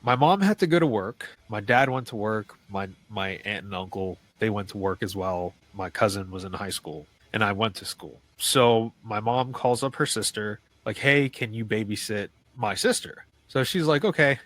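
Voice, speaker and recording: A man's voice: fairly low pitch, normal speed, few pauses, a bit bright, no room sound. A man, telling a personal ghost story in a loose, conversational way as a podcast guest. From New York City. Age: 30s. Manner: loose and conversational, many "like" fillers and restarts. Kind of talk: casual storytelling of a paranormal experience.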